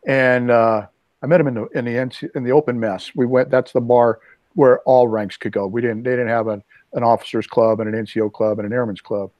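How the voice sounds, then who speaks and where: A man in his sixties hosting a casual video chat, telling rambling stories with lively asides. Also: mid-range voice, brisk, no room sound. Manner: rambling storyteller, animated asides. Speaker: host. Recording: dull lo-fi dry sound.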